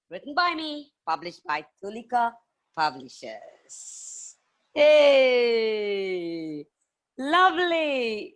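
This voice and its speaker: A woman telling stories to children on a video call, playful and animated, full of sound effects. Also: fairly high pitch. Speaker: children's storyteller and author. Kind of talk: live storytelling session for children.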